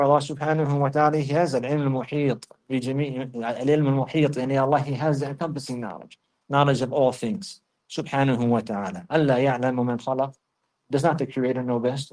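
A man's voice: on the high side, a little mellow. A man teaching a religious lesson, reciting Arabic verses and then explaining them in English, often repeating phrases for emphasis. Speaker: Islamic teacher.

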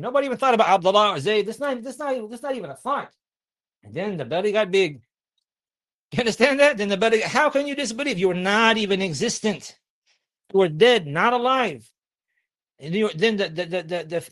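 A man's voice: high voice, lively intonation, brisk, fairly bright tone. A man giving a sermon to young listeners. He keeps asking the audience questions, recites Arabic verses and then translates them. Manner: asks the audience many questions. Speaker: Islamic preacher.

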